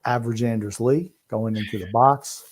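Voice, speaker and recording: A man with a mid-pitched voice, co-hosting a casual sports watch-along. He rambles in a laid-back way and fills gaps with ums and uhs. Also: normal speed. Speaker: podcast co-host.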